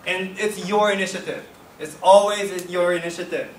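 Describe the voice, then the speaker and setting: A man's voice: high voice, steady tone, moderate pace, slight background noise. A man giving a workshop lecture casually, often checking in with "okay?" and "right?". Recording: echoey hall, voice from far off.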